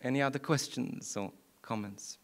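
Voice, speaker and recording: A man's voice: medium pitch, moderate pace. A middle-aged man from Malta, a priest giving a keynote talk to an audience and taking questions, speaking earnestly with frequent restarts. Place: event hall.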